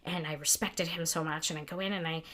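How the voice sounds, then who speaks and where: This podcast co-host speaks fast in a low voice. She tells stories in a casual chat as an animated, lively storyteller, acting out the people she quotes.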